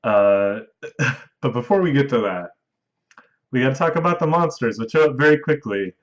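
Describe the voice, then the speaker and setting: A man's voice: mid-range voice, lively intonation, moderate pace, highs cut off. A man hosting a podcast, casually recapping a movie's plot at length with the odd chuckle. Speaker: podcast host recapping a film. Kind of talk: casual chat.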